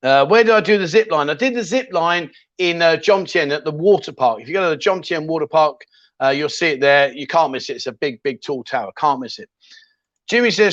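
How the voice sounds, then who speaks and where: High-voiced man, chatty livestream host. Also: expressive, normal speed, fairly bright tone, no echo, muffled recording. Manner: chatty, rambling, jokey, with many ums and restarts. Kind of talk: casual live chat reading viewer comments.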